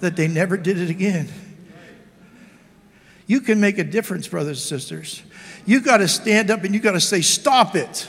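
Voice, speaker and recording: A man's voice: high voice, normal speed, pauses often, fairly bright tone, in a large hall. An older man preaching an impassioned sermon, exhorting his listeners with lots of repetition. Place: church hall.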